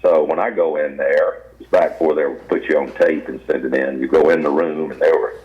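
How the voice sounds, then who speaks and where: A man's voice: very deep voice, fairly even intonation, a little fast. An older man with a Southern US accent, a guest actor telling folksy, rambling stories in an interview. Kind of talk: storytelling interview. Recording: dull lo-fi radio audio.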